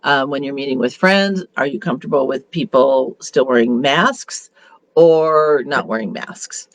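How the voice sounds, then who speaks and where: A woman's voice: a bass voice, measured pace, highs cut off. A woman beauty consultant giving a casual motivational talk in a chatty, upbeat way, with rambling restarts. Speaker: beauty consultant leading a meeting.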